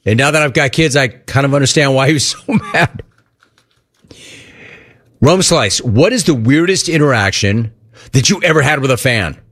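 Animated middle-aged male talk-show host. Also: medium pitch, moderate pace, long pauses. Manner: animated storyteller, acts out remembered dialogue. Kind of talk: casual talk-show chat answering listener questions.

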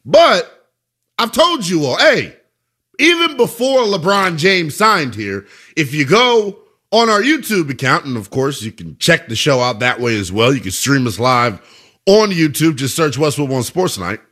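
A man's voice: a little high, sing-song, a little slow, a bit bright. A man hosting a sports talk radio show, delivering an emphatic, conversational monologue full of rhetorical questions.

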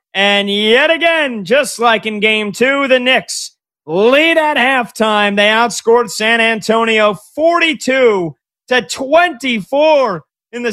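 A man in his thirties hosting a sports talk radio show, talking like an excitable, fast-talking fan. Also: extremely high pitch. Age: 30s.

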